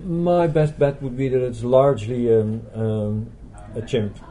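A man's voice: mid-range voice, fairly even intonation, unhurried, a crowd in the background, low-quality recording. A man speaking as a scientist guest in a casual conversation over a meal, hesitant and full of fillers and restarts. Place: busy restaurant.

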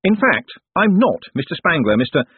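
A man doing a smooth-talking young swindler. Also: fairly high pitch, very animated, normal speed, no echo, pitched above the performer's own voice. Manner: smooth, urgent, persuasive. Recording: tinny lo-fi audiobook recording.

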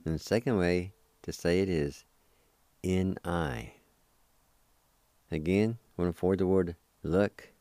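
A man's voice: deep voice, measured pace, long pauses, mellow, no room sound. A man teaching a language lesson, spelling and pronouncing words syllable by syllable with patient repetition. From Oklahoma, United States. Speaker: language teacher and radio host. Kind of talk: slow spoken vocabulary lesson.

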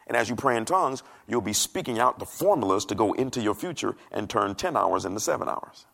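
A man's voice: fairly low pitch, lively intonation, fairly quick, vocal fry, a bit bright. A middle-aged man preaching a sermon from a church stage, conversational and joking, acting out the voices he quotes. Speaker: pastor.

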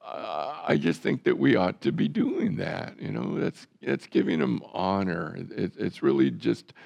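A man's voice: medium pitch, very animated, a little slow, vocal fry, a little mellow, dull audio. A man preaching a sermon as a pastor, in a conversational, folksy way with self-deprecating humor.

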